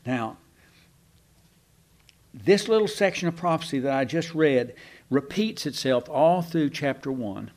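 A man's voice: fairly high pitch, expressive, measured pace, long pauses, darkish tone. A man teaching a Bible class in a folksy, rambling way, with asides to his listeners.

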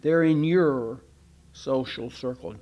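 A man's voice: mid-range voice, slow, a little mellow. A pastor delivers a sermon in a homey, easygoing manner. His voice sits in an ordinary middle male range, and he keeps turning to the congregation with questions. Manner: folksy, conversational preaching with rhetorical questions.

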